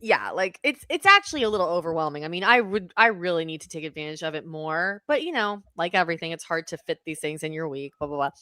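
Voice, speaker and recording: A woman co-hosting a casual podcast, talking excitedly and often backtracking to correct herself. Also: lowish voice, fast talker, few pauses. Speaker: podcast co-host.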